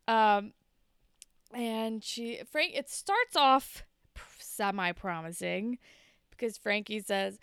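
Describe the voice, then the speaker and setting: A woman's voice: mid-range voice, slow, clear, resonant tone, no room sound, studio quality. A woman co-hosting a podcast, chatting casually as she recaps an episode and acts out the characters' lines. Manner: animated, acts out quotes from the episode. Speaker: podcast co-host.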